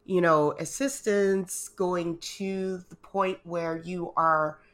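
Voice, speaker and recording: A woman's voice: on the low side, steady tone, slow pace, fairly bright tone. A woman co-hosting a podcast in casual chat, heartfelt and rambling, emotional and close to tears. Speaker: podcast co-host.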